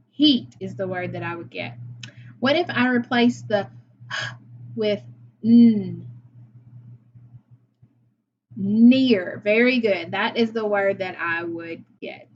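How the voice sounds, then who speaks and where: A woman's voice: mid-range voice, measured pace, highs cut off, slight background noise. A woman teacher leading a phonics lesson for young children, patient and praising as she sounds words out.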